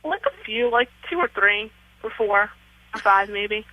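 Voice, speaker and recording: A woman's voice: mid-range voice, animated, a little slow, no room sound. A woman on a phone call, playing a dismissive, sulky daughter. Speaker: daughter in on the prank. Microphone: telephone. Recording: tinny phone line.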